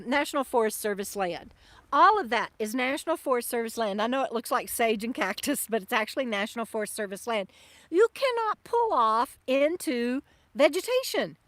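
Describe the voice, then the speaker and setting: A high-voiced woman chats casually through a livestream, stumbling over fillers and restarts. Her voice sounds close and dry despite being outdoors by a lake. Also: no room sound. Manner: chatty, halting with many fillers and restarts; soft baby talk to her dog. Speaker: RV vlogger hosting a livestream. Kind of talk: casual live-stream chat. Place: outdoors at a lakeside campsite.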